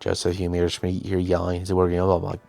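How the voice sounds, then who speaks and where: A man's voice: low-pitched, monotone, rapid-fire, gravelly, darkish tone, soft background music. A young man hosting, casually telling a behind-the-scenes story, chatty and self-deprecating, often quoting himself and others. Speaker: host.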